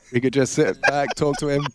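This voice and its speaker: A man doing color commentary on a shooter match, playful and riffing. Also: medium pitch. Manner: playful, riffing, voice leaps up on fast action. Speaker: esports color caster. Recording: noisy broadcast with game gunfire behind. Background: game gunfire and clicks.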